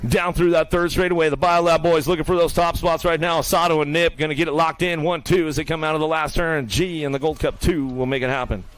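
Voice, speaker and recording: A man calling live BMX races in rapid play-by-play, throwing out nicknames for riders and teasing them as they finish. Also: on the high side, fairly even intonation. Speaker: race announcer. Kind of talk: live BMX race commentary. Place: outdoor BMX race track.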